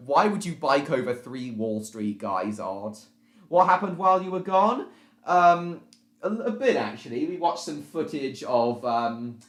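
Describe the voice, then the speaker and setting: A man chatting on his live stream, his voice sitting at an ordinary middle pitch. He keeps stopping and restarting his sentences, filling the gaps with ums. The room around him gives everything a noticeable echo. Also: a bit bright. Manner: repetitive, halting, restarts phrases, many ums. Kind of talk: casual live stream chat, reading out viewer comments. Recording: roomy echo.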